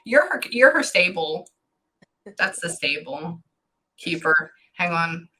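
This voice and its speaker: A woman with a bright, forceful voice gives a casual reading as a medium. She talks in halting, chatty bursts and keeps stopping herself with hang on. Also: fairly low pitch, sing-song. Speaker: psychic medium. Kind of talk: casual one-on-one reading session.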